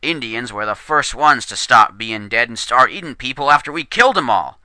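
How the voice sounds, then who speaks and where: A man voicing a gruff, distrustful frontier man who talks bluntly and loudly, in a spoken story. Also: mid-range voice, animated, moderate pace, no room sound. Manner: blunt, hostile, loud. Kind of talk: storytelling character voice.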